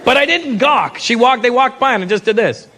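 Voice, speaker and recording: A man's voice: very high-pitched, fairly quick. A man performing profane stand-up comedy on stage, acting out characters with audience laughter behind him. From Canada. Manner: animated, profane, acts out characters. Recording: live stage mic with crowd noise.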